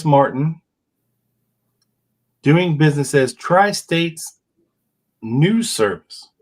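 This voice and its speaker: A man's voice: medium pitch, rough recording. A podcast host in his fifties chatting casually and reading old legal papers aloud with wry asides. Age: 50s.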